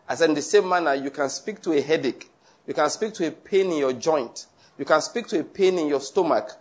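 Male preacher, scripture-reading sermon, earnest and emphatic, voice a touch high. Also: darkish tone. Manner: earnest, repeats points for emphasis. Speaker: pastor teaching a Bible study.

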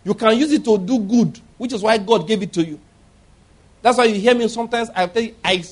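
Husky high-voiced preacher. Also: male voice, brisk. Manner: emphatic preaching with laughter and acted-out voices. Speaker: pastor. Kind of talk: sermon.

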